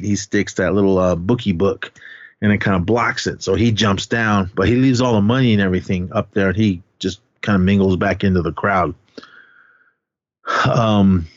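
A man's voice: on the low side, no room sound, muffled recording. A man co-hosting a podcast, rambling through a casual movie recap and laughing as he goes. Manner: rambling, laughing, acts out quotes. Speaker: podcast co-host.

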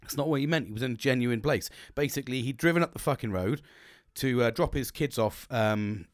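A man rambling through a casual podcast monologue, swearing freely and restarting his sentences. His pitch sits in an ordinary middle range. The sound is close and dry, with no room around it. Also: brisk, dry recording. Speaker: podcast host.

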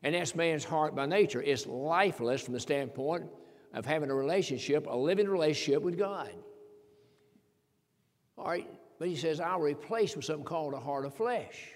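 A man's voice: on the high side, normal speed. Preaching man in a reverberant hall. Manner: repetitive, emphatic preaching with rhetorical questions. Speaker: pastor. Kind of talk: sermon. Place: church sanctuary.

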